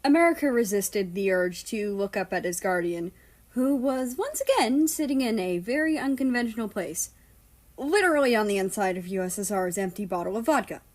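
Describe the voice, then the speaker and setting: A woman's voice: medium pitch, animated, moderate pace, a little mellow. A woman narrating fanfiction aloud in a casual reading style with the odd swear. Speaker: fanfiction reader. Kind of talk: storybook narration.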